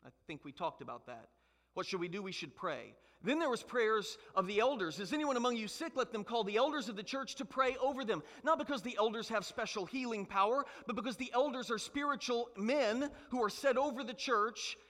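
Man, preacher, emphatic sermon, sharp tone, reverberant church hall. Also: very high-pitched, lively intonation, a little fast, hardly any pauses. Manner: emphatic preaching with rhetorical questions. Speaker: pastor.

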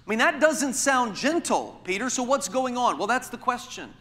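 A man preaches with a high, bright voice. He presses his points with pointed rhetorical questions. His words ring out in a large hall with a long reverb. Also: animated, brisk, few pauses. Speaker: pastor. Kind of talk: sermon.

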